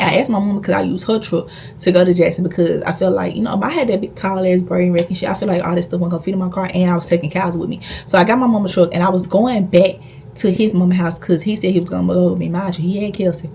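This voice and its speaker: Young woman, low gravelly voice, blunt profane storytime vlog, faint noise behind. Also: fairly even intonation, fast, a little mellow. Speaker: vlogger. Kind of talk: casual storytime.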